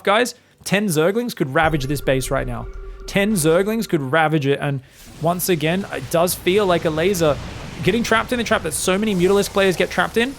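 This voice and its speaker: A man casting an esports match solo, excitable and jokey, with casual swearing. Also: sits high, slight background noise. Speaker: esports commentator. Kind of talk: solo game commentary.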